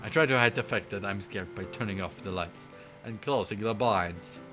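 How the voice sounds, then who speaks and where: A man streaming himself reading a visual novel aloud, breaking off into giggly, excitable asides. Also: fairly low pitch, moderate pace. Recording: faint game music behind.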